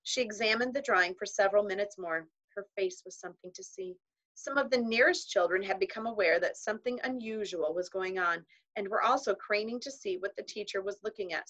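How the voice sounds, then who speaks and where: A woman narrates a children's novel aloud in a measured storytelling manner, with voices for its characters. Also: medium pitch, pushed and bright, rough recording. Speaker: audiobook reader.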